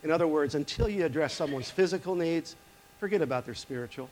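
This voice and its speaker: A man giving a sermon, reading scripture and explaining it in a conversational way, voice lifting on quoted lines and dropping low for asides. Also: expressive, fast talker, darkish tone, slight background noise. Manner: some fillers and restarts. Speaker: pastor.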